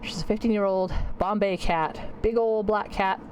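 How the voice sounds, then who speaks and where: A woman's voice: mid-range voice, fairly even intonation, normal speed, darkish tone, slight background noise, poor audio. A woman streamer chatting casually and rambling about her day while she plays a game at home. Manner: rambling, chatty, self-correcting. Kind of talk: casual gameplay chat. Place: home computer room.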